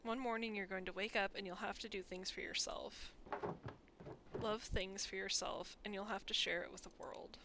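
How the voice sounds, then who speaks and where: A woman's voice: mid-range voice, fairly even intonation, normal speed, noisy background, lightly acted. A woman reading a dying old father, tender.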